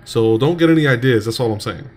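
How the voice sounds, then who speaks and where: A man's voice: medium pitch, fast talker, slight background noise. A man hosting a gaming video, chatting casually with a friend, joking and laughing often. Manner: joking, playful, laughs a lot, puts on quoted voices. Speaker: gaming channel host. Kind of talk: casual gameplay banter.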